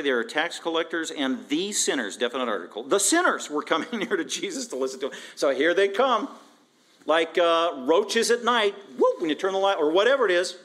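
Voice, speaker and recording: Emphatic pastor preaching with a higher voice. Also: male voice. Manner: emphatic, animated, with frequent repetition; asks rhetorical questions. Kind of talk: expository sermon.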